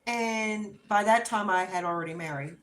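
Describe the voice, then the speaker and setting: A middle-aged woman hosting a livestream, chatting casually and telling an unhurried story with laughs while she crafts. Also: medium pitch, reverberant. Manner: animated and expressive when acting out quotes. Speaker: livestream host.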